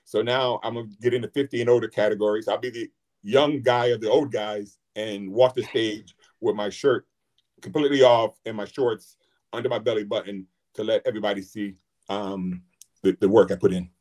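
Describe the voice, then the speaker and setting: A man's voice: fairly low pitch, steady tone, brisk, a little mellow. Earnest rambling man in his forties. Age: 40s. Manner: earnest, rambling, full of fillers. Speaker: guest. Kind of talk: candid personal talk.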